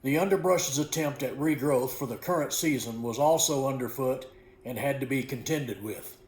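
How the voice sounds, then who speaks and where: A man reading aloud from a book he wrote, in an unhurried, folksy way, correcting small slips as he goes. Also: mid-range voice, a little mellow. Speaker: author reading his own book. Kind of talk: storybook narration. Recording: echoey room.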